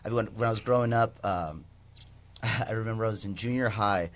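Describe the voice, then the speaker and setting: A man with a lowish voice chats as a podcast guest, telling stories with enthusiasm and some self-deprecating humor. His delivery is casual and loose, with quick asides. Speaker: guest, musician. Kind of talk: casual interview chat.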